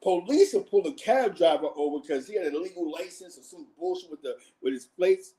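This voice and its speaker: A slangy man telling stories on a livestream, often breaking into laughter. His voice sits a little high for a man. He talks casually and animatedly, like a host riffing to his viewers. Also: lively intonation, a little fast, warm tone, low-quality recording. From Harlem, New York. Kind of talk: casual street storytelling.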